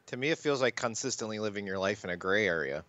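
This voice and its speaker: A man's voice: lowish voice, lively intonation, fast talker, fairly bright tone, dry recording, highs cut off. A man co-hosting a podcast in easygoing banter, with short replies and frequent laughs. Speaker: podcast co-host.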